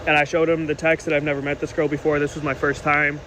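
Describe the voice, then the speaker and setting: A young man tears through an indignant storytime monologue at a rapid clip, his voice sitting a little high. He acts out the quoted lines as he goes. Behind him is a faint hum of outdoor traffic. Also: rough recording. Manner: animated, indignant retelling with quoted dialogue.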